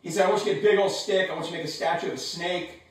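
A man preaching a sermon from his home in a casual, animated way with slangy asides. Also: sits high, rapid-fire, heavy reverb, distant mic, low-quality recording. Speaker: pastor.

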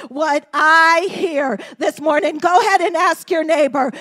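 High-voiced woman preacher, slow and impassioned. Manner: impassioned preaching, swings from hushed to shouting. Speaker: pastor. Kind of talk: sermon. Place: church sanctuary.

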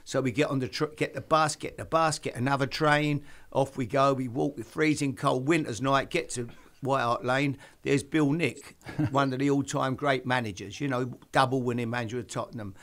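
An older man hosting a casual chat, telling lively football anecdotes and putting on voices for the people he quotes. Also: medium pitch, moderate pace, hardly any pauses. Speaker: host.

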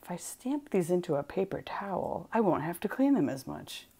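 A woman's voice: lowish voice, very animated, vocal fry, mellow, breathy edge. A woman hosting a casual craft livestream, playful and giggly as she chats while stamping. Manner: playful, giggly, drawn-out delivery.

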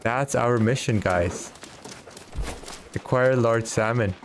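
A man's voice: mid-range voice, slow pace, slight background noise. A man giving laid-back, chatty gameplay commentary, thinking aloud as he plays. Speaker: gaming streamer.

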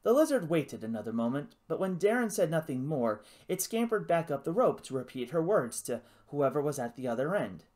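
Storybook narrator, expressive and animated in pitch, reading adventure prose. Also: fairly quick, hardly any pauses. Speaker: audiobook narrator. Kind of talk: scripted narration.

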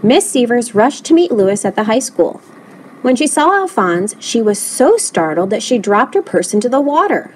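A woman reading a children's picture book aloud in an expressive, animated way. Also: on the high side, normal speed, a little hiss or hum, rough recording. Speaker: storybook reader.

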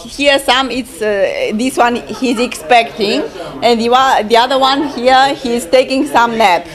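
Lady painter, fairly high voice, halting, hunting for words, little laughs. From Romania. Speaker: artist presenting her paintings. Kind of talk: casual interview. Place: art gallery opening.

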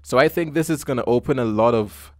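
A man's voice: mid-range voice, brisk, darkish tone, no room sound, studio quality. A man from the Caribbean hosting a podcast in a loose, joking, conversational way. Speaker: podcast host. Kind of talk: casual podcast chat.

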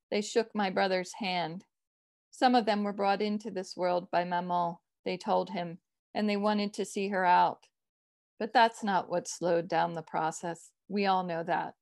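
A woman author reads her own short fiction in a measured, even way. The sound is dry and close, with no room echo. Her voice sits at a middle pitch for a woman. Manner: measured literary reading.

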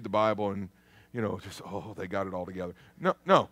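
A man preaching a sermon in a church, lively and conversational, calling out to the congregation. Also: low-pitched, brisk, no room sound. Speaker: pastor. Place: church sanctuary.

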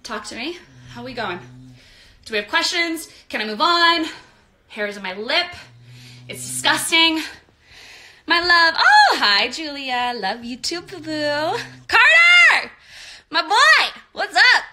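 Leading a live online dance class, a young American dance instructor counts the beats and sings out the steps in a high, sing-song voice. She's unhurried, pauses at length, and sounds pushed and bright. The roomy studio is picked up by a distant mic.

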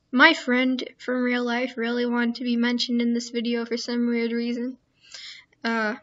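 A woman's voice: fairly high pitch, a bit bright. A teenage girl YouTuber rambling in casual chat, easily distracted and self-mocking. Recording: dull lo-fi screen-capture audio.

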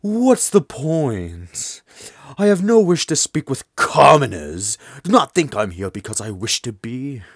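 A man's voice: medium pitch, sing-song, a little slow, no room sound, studio quality, pitched above the performer's own voice. A man doing a pompous regal bird prince. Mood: haughty. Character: haughty young aristocratic male bird student.

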